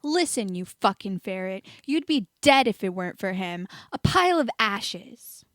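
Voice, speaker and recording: A woman reading a hot-headed young man's lines in a fan-fiction audiobook, shouting in raw outbursts. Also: mid-range voice, lively intonation, measured pace, dry recording, clean studio sound, close to an everyday voice. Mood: furious. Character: angry hot-headed young man, loud, blunt.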